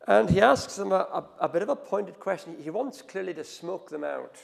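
Male preacher, gravelly and fairly high-pitched, animated sermon delivery, big hall echo. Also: normal speed, hardly any pauses. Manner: animated storytelling, swings from hushed to loud. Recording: long hall reverb.

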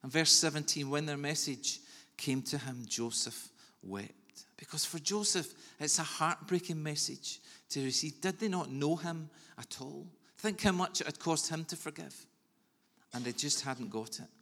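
A man preaching a sermon in an earnest, measured way with soft pauses. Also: on the high side. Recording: long reverb of a large hall.

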